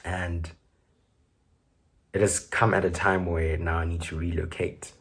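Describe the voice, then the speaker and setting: Husky-voiced South African man chatting. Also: low-pitched, level tone, measured pace. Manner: rambling, joking, full of fillers. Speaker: podcast host. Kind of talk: casual solo chat.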